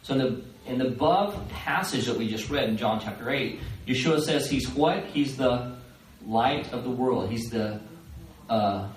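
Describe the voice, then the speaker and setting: A man teaching a live seminar, animated, acting out the voices of the people in his stories. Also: medium pitch, a little slow, slight background noise. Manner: animated, acts out quoted voices. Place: fellowship hall, live. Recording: roomy live recording from far off.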